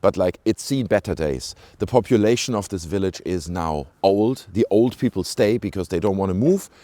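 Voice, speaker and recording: Strolling outdoors through a small rural village, a British-sounding vlogger chats casually to viewers, rambling with plenty of asides and fillers. His low voice has lively intonation, a moderate pace and a mellow quality. It's captured on a handheld camera mic as he walks, with no echo.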